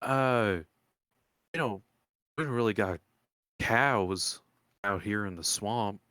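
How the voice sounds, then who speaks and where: A man's voice: on the low side, takes it slowly, sharp tone, clear, resonant tone, no room sound, studio quality. A man voicing a folksy older woman who runs a swamp bait shack, with a put-on Southern drawl and a rambling way of talking.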